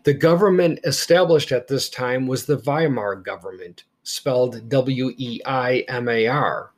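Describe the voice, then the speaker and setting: Emphatic man lecturing on history. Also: medium pitch. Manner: emphatic, deliberate, stresses key words. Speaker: history teacher. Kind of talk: lecture-style podcast.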